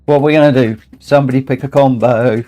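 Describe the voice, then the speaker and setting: A man's voice: mid-range voice, fairly even intonation, quick pace, warm tone. A tired man hosting a long charity gaming livestream, chatting casually, rambling and repeating himself as he gets emotional. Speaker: livestream host.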